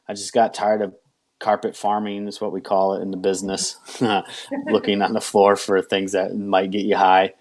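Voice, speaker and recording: A man's voice: on the low side, monotone, moderate pace, a little mellow. A man as an interview guest giving a candid personal testimony, acting out his own past words as he tells it.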